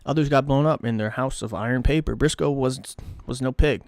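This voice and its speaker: A man's voice: medium pitch, fairly quick, a little mellow, no echo, studio quality. A man casually reading a story aloud on a live stream, swearing and stumbling over words now and then.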